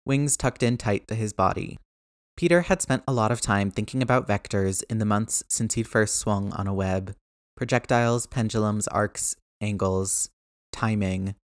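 A man narrates an action-packed story with brisk, steady pacing. His voice sits low and the recording is dry and close. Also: no room sound. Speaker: audiobook narrator. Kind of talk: scripted narration.

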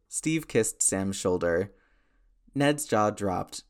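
A man narrating a story aloud in a steady storytelling manner. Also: lowish voice, moderate pace. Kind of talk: audiobook narration of fan fiction.

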